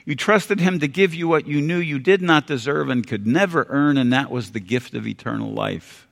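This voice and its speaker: An older American man preaching a sermon, earnest and folksy, repeating phrases and dropping suddenly quiet for emphasis. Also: medium pitch, normal speed, vocal fry. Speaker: pastor. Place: church sanctuary. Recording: long hall reverb.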